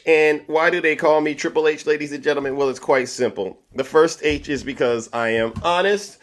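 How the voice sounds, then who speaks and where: A man's voice: mid-range voice, normal speed, few pauses. A man hosting a political commentary livestream, boastful and showy, with catchphrases. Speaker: livestream host.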